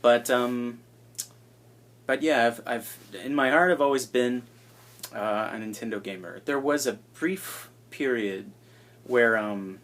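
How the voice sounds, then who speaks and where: A man in his twenties chatting casually and self-deprecatingly, with hushed asides, into an iPad held at arm's length. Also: medium pitch, slow pace. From United States. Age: 20s. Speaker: vlogger introducing himself. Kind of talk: casual rambling chat.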